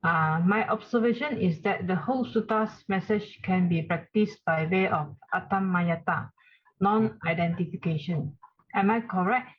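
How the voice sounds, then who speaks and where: A woman's voice: lowish voice, normal speed, breathy edge, muffled recording. A woman moderating an online class, politely passing on a question with slight hesitations. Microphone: video call.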